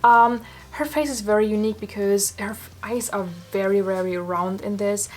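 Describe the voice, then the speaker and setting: A woman's voice: mid-range voice, steady tone, normal speed, a little mellow. Gushing young woman reviewing dolls. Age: young adult. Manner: gushing, effusive, swears casually. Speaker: doll collector vlogger. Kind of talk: casual review vlog.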